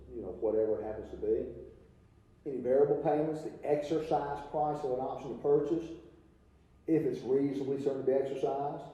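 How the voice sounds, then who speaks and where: A man's voice: fairly high pitch, normal speed, long pauses, warm tone. Folksy man lecturing from afar in a hall. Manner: conversational, folksy, asks rhetorical questions. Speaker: accounting seminar presenter. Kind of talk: continuing education lecture. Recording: roomy hall from far off, dull.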